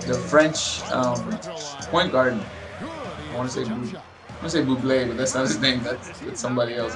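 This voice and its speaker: A man's voice: mid-range voice, a bit bright, rough recording. A young man casually rambling about basketball while commenting on his own gameplay, often mimicking players and coaches.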